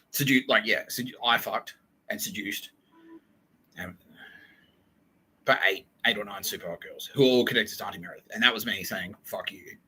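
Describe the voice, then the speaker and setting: A man hosting a podcast, telling a rambling, profane monologue that swings between loud outbursts and low muttering. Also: big pitch swings, a little fast, breathy edge, poor audio. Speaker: podcast host.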